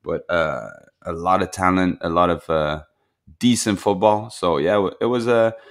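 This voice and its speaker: A man co-hosting a casual football podcast, relaxed and chatty, dropping British slang. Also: deep voice, moderate pace. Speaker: podcast co-host. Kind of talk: casual chat.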